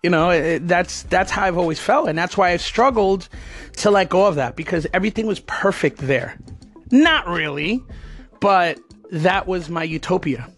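High-voiced man rambling through a story. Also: normal speed, fairly bright tone, soft background music. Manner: rambling, digressive. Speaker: former alligator wrestler. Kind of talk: casual personal storytelling.

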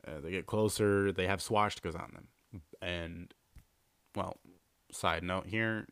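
A man's voice: sits low, fairly even intonation, takes it slowly, a bit bright, smooth, no room sound. A man hosting a podcast, casually telling a long story with lots of fillers and restarts. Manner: rambling, filler-heavy, repeats himself. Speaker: podcast host.

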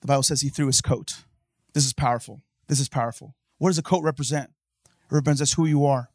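A man preaching a sermon in church, swinging from hushed talk to impassioned shouting and calling out to the congregation. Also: mid-range voice, fairly even intonation, fast talker, dry recording, clean studio sound. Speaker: pastor.

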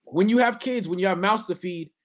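A man with a high, bright-sitting voice talks in an emphatic, animated way during a relaxed podcast conversation. He keeps slipping into little acted-out quotes to make his point. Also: brisk. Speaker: guest musician. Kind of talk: casual podcast chat.

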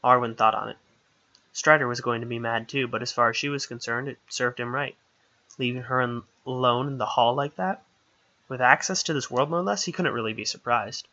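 A man narrating a fantasy audiobook in a steady, expressive storytelling manner. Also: mid-range voice, a little fast, lo-fi sound.

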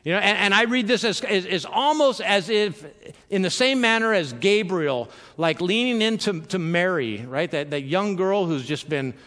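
A male pastor preaching in an easy, chatty way. His voice sits a little high, and it trails off into a long hall echo. He keeps stumbling over repeated words and fills the gaps with ums. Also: expressive, moderate pace, fairly bright tone. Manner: conversational, filler-heavy, self-interrupting with repeated words. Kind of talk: sermon.

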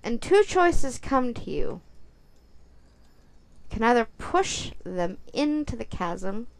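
A woman's voice: on the high side, very animated, takes it slowly, creaky. A woman narrating a guided visualization story in a soothing second-person voice.

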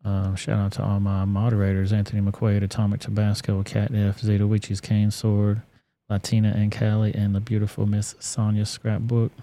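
A low, mellow-voiced man hosts a live stream in a loose, profane, offhand way. His delivery stays flat, and the sound is dry and close. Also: normal speed, dry recording. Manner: casual and profane, loose with fillers. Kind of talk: casual live-stream commentary.

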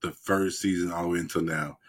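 A man's voice: low-pitched, fairly even intonation, brisk. A man in casual chat, rambling and profane, retelling TV scenes with laughs between his lines. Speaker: podcast co-host.

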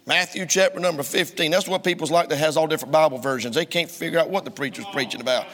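Fiery preacher, bright tense voice. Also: male voice, a little high, fast talker. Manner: folksy, emphatic, rising to loud heated preaching. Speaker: pastor. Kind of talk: sermon. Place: church sanctuary. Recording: long reverb of a church hall.

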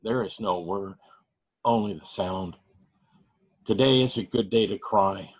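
A man reading his own poetry slowly and heavily at an online open mic, grieving and measured. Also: fairly low pitch, rough recording. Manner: measured, heavy pauses, grieving. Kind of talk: slow spoken-word poetry reading.

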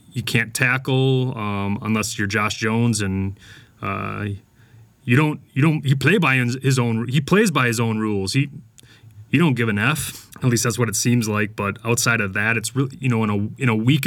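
A man's voice: mid-range voice, fairly bright tone, no room sound. A man hosting a sports podcast, giving casual, opinionated commentary with lots of fillers and restarts. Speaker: podcast host.

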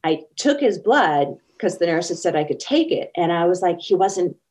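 A woman's voice: lowish voice, big pitch swings, normal speed, darkish tone. Earnest woman telling her story. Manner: earnest, acts out quoted speech. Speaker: interview guest. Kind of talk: personal storytelling in conversation.

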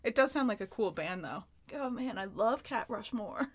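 A woman's voice: mid-range voice, expressive, moderate pace, husky. A woman with a Western New York accent, co-hosting a podcast in casual chat, acting out characters' lines in loose impressions. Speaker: podcast co-host. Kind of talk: casual chat recapping a sitcom episode.

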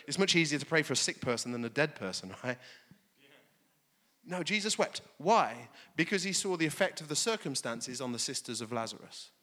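A man's voice: fairly high pitch, animated, brisk, sharp tone. A pastor preaching a conversational sermon, often checking in with "okay?" as he talks. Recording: long hall reverb.

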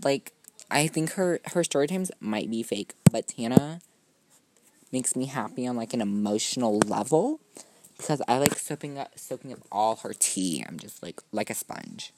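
A man's voice: mid-range voice, expressive, normal speed, very noisy. Young man with a gushing valley-girl drawl. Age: young adult student. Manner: gushing valley-girl drawl, constant "like" and "oh my god", casual swearing; scattered, self-mocking, jumps between topics. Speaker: podcast host. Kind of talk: rambling solo podcast monologue.

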